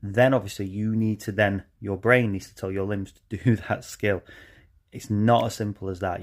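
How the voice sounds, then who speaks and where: A man, a driving instructor, talking casually and earnestly to camera with many ums. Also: on the low side.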